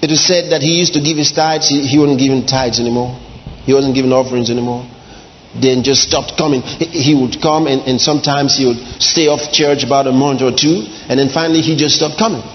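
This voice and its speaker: A male pastor preaching a sermon, dramatic, swinging between soft drawn-out lines and shouts. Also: medium pitch, steady tone, a little hiss or hum. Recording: dull lo-fi sound in a large reverberant hall.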